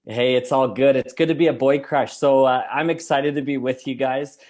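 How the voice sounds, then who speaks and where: A middle-aged man from Canada, giving an energetic, emphatic motivational talk as a guest speaker. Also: medium pitch, normal speed. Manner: energetic, emphatic, laughs easily.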